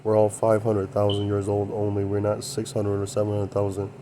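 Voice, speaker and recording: A man's voice: lowish voice, completely flat delivery, a little fast, dark tone, slight background noise. A man hosting his own channel, talking in a rambling monologue and often repeating short affirmations. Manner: rambling, repeats "yeah, that's true". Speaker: channel host.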